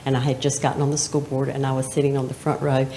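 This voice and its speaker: A woman's voice: rumbling low, monotone, fast talker, dark tone, roomy sound, a little hiss or hum. A woman, a state representative, presenting an award at a town council meeting, chatty and laughing between formal lines. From North Carolina.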